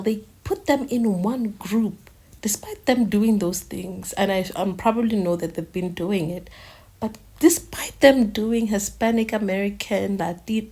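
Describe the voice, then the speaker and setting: A woman hosting a reaction video, soft-spoken and halting, with many fillers. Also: fairly low pitch. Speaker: host. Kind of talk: reaction commentary.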